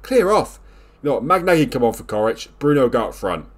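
Exasperated man narrating his game. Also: fast. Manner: animated, scolding, swings between loud outbursts and low mutters. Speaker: video game let's-play host. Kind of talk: exasperated live game commentary.

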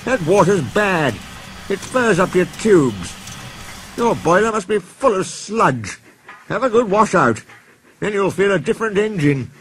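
A man voicing a bossy steam engine who lectures loudly in a raised, higher voice. Background noise hisses under the storybook reading. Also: big pitch swings, unhurried, full character voice. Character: bossy know-it-all male steam engine.

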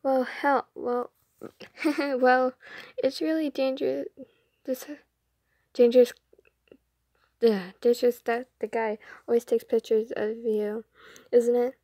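A woman's voice: a little high, level tone, slow, long pauses, warm tone, dry recording. A woman voicing a nervous young male photographer who stammers over his words. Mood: stammering.

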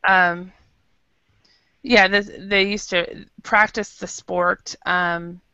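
Gravelly-voiced woman teaching English online. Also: fairly low pitch, little pitch movement, sharp tone, no echo. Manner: patient, explains slowly with many fillers. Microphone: video call. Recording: dull lo-fi video call audio.

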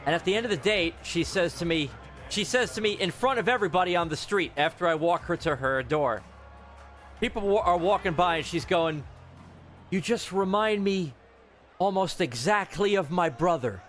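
A man giving loud, swearing commentary while playing a football video game, reacting to every play. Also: a little high, brisk, soft background music. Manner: excitable, yells and swears at the game. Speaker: gamer streamer. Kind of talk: live gameplay commentary.

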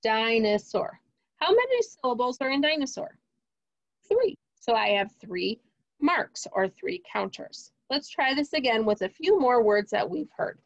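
Patient, encouraging woman teacher, unhurried phonics lesson, dry room. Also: on the high side, very animated, no echo, muffled recording. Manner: slow, clear, encouraging teacher talk to kids. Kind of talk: remote phonics lesson for young children.

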